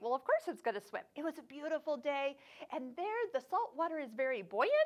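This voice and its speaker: A woman's voice: high-pitched, fairly bright tone. A woman hosting a sewing channel, telling a travel story in a chatty vlog, laughing often and acting out what people said. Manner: chatty, laughs often, acts out quoted voices.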